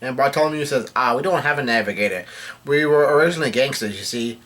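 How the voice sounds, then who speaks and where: A man's voice: mid-range voice, fairly bright tone. Man casually recapping a comic chapter. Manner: relays characters' lines in a plain reading voice; halting, self-correcting delivery. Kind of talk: casual chapter read-through.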